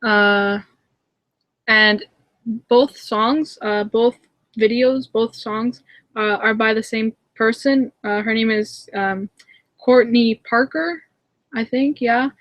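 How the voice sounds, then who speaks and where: A young woman hosts a casual live hangout from home over a webcam, answering viewer comments with frequent giggles, plenty of fillers, and restarts. Her voice sits on the high side and is a bit bright, and she speaks slowly with long pauses. The recording is dry.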